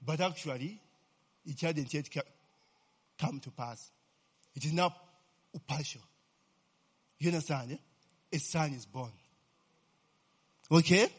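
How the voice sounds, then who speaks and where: A man with a high, husky voice teaches a sermon at an unhurried pace. He keeps checking whether his listeners understand and repeats questions so they can call back the answer. Hallelujah and glory be to God punctuate his points. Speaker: preacher.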